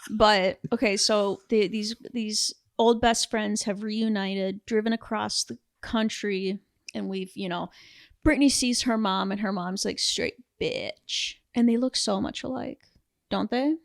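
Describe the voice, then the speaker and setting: On a casual film review podcast, a young co-host walks through the movie's story with animation, tossing in quick character voices. She speaks in a mid-range voice with vocal fry, and the studio-quality recording has no room sound.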